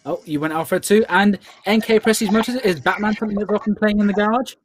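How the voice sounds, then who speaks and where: A man's voice: high-pitched, steady tone, fast, faint music behind. Upbeat British man hosting a quiz. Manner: upbeat, with playful ad-libbed asides. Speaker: quiz host. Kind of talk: hosting a live online charity quiz.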